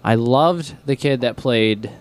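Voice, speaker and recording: Brief: young man, student radio co-host, loose rambling chat, middling pitch. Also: slow. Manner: rambling, filler-heavy, joking. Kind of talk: casual chat.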